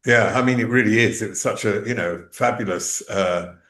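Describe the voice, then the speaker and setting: A man hosting an interview, talking in a relaxed, musing way with many fillers. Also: fairly low pitch, moderate pace. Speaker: interview host. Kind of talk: conversational interview. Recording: roomy echo.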